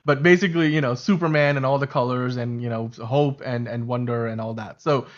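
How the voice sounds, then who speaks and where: A man hosting a casual fan podcast, talking in a rambling, animated way with lots of fillers and restarts. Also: mid-range voice, fairly quick, lo-fi sound. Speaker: show host.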